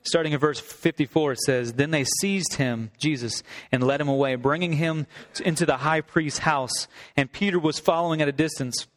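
A male pastor delivering a sermon, reading scripture aloud and then expounding on it earnestly. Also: fairly high pitch. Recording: long hall reverb.

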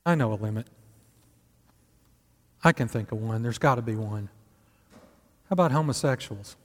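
A pastor with a mid-range, expressive voice preaches at a normal speed. He talks to the congregation conversationally and poses rhetorical questions, recorded with long hall reverb.

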